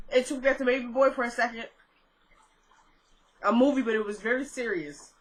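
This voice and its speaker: A young woman chatting through a casual recap of a TV episode, retelling scenes in an animated way with lots of fillers. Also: fairly high pitch, fairly quick, poor audio. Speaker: TV episode reviewer.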